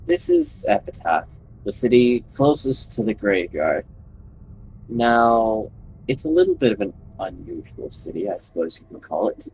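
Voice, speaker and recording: A man playing in a tabletop game, describing his character's hometown in a slow, musing way. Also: on the low side, wildly swooping pitch, darkish tone, a little hiss or hum, low-quality recording. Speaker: player.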